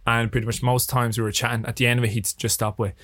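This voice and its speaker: A young Irish man, a filmmaker guest in a casual interview, telling stories in an animated way with lots of swearing and laughter. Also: mid-range voice, quick pace, dry recording, studio quality.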